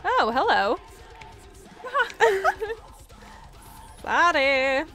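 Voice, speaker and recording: A young woman commenting on her own gameplay, giggling, squealing and reacting excitedly. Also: high voice, extremely slow, over music. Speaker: gameplay video host.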